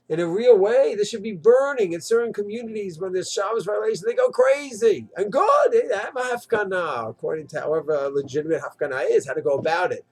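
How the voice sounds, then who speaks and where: Man, husky, high lively voice, impassioned Torah talk, rhetorical. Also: fast talker, few pauses, faint music behind. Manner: rhetorical, animated, swings into mocking quoted voices. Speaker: Torah teacher. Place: Israel.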